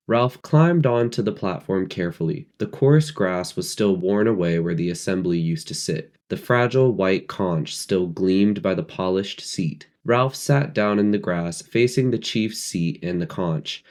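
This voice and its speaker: A man reading a novel aloud as a narrator, at a measured, even pace. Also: deep voice. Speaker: reader. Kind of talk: storybook narration.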